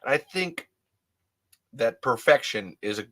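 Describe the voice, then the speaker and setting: Alone at the mic, this podcast host rambles openly and keeps restarting sentences. His mid-range voice is expressive and unhurried, with a pushed, bright sound.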